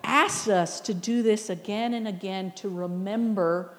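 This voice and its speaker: A woman's voice: medium pitch, measured pace, big-room sound. A woman pastor preaching a sermon in a conversational, reflective way, often asking the listeners questions. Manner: reflective, with soft laughs.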